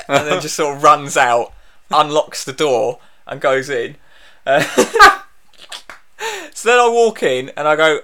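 Bright-voiced British man, wry storyteller. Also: mid-range voice, moderate pace. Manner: wry, exasperated storytelling, laughs often. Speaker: podcast co-host telling an anecdote. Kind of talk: casual chat.

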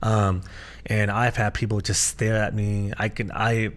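A man with a fairly low voice tells his own story on a podcast. He speaks earnestly, backing up and restarting his sentences as the memories come. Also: level tone, a little slow. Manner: earnest, with frequent restarts and fillers. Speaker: podcast co-host and pastor. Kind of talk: personal storytelling in casual conversation.

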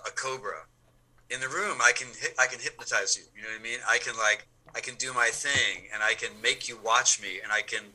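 Male interview guest, very bright tone, lively casual talk with frequent restarts. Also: mid-range voice, poor audio. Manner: animated, repeats words when building a point.

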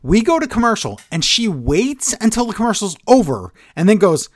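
Sarcastic man recapping wrestling with lively pitch. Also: fairly quick, few pauses, no room sound, studio quality. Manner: sarcastic, animated recapping with quoted voices. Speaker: podcast co-host. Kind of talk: casual wrestling recap chat.

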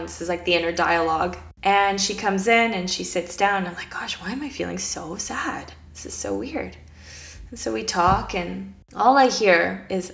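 A woman speaks in a lowish, gravelly voice with a good deal of vocal fry. She tells her story in an earnest, reflective way and voices her own past thoughts as she goes. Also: a bit bright. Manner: earnest, reflective, recounts events with quoted inner dialogue. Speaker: guest. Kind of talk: casual storytelling.

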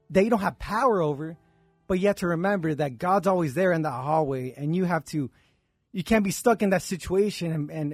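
A podcast co-host spins a spiritual parable in loose, casual talk, voicing each character as he goes. His voice sits high and a little husky. The mic is close and dry, with faint music in the background. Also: no room sound. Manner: storytelling, acts out dialogue, repeats "right?". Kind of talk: casual chat, telling a parable.

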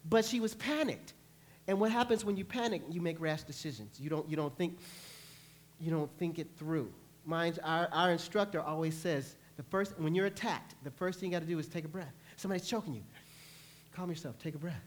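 A male pastor preaching a sermon, telling lively stories and acting out panicked voices. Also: high voice, fairly quick. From New York. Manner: animated storytelling, acts out panicked voices. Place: church.

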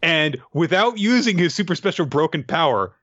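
Male host, bright and tense tone, animated comic recap, dull lo-fi audio. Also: on the high side, moderate pace. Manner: animated, laughing, acts out quotes in comic voices. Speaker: podcast co-host. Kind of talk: casual chat recapping a manga chapter.

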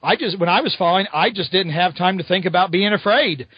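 A cocky comic book archer hero, played by a man in a raised, mocking voice. The audio is dry and slightly muffled, typical of a low-budget podcast. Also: brisk, husky, no echo. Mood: earnest. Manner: mocking exaggerated delivery. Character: cocky male archer superhero.

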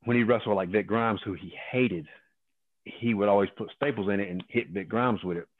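Gravelly-toned man on a tinny phone line. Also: lowish voice, fairly quick, no room sound. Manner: profane, animated, acts out other people's lines. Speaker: guest, former pro wrestler. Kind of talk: casual storytelling.

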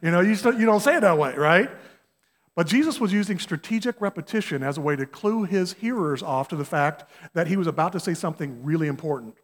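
Male guest preacher, slightly high voice, chatty and folksy, long hall echo. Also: animated, brisk. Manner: conversational, asks the congregation questions, folksy examples. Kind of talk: sermon. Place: church sanctuary.

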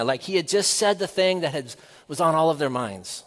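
Higher-voiced guy preaching a sermon, earnest and measured, big echoey church hall. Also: lively intonation. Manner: measured, earnest delivery with rhetorical questions.

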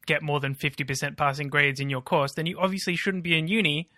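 A man's voice: a little high, little pitch movement, fast talker, pushed and bright, dry recording, clean studio sound. A man co-hosting a podcast, explaining the news with a sardonic, casual manner. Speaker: podcast co-host.

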